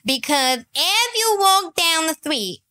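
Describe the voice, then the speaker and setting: A woman's voice: very high-pitched, very animated, takes it slowly, pushed and bright. A woman giving sassy, mocking comedy commentary, laughing often at her own jokes.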